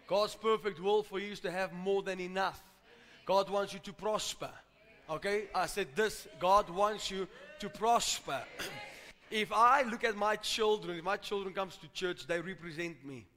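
Man preaching, bright edgy voice, high pitch, emphatic repetition, long church reverb. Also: moderate pace. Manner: emphatic, repetitive preaching with call-outs to the congregation. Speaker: pastor. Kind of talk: sermon. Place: church hall.

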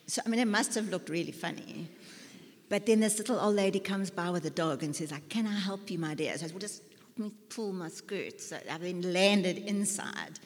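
Lady preaching casually, lowish voice, lots of ums, big echoey hall. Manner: chatty, self-mocking, many fillers and restarts. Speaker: lay preacher. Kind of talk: conversational sermon with personal stories. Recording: long hall reverb.

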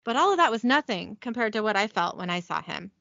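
A woman's voice: mid-range voice, big pitch swings, quick pace, vocal fry, fairly bright tone, no room sound, lo-fi sound. Woman reading as an earnest angel woman. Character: earnest female angel confessing feelings.

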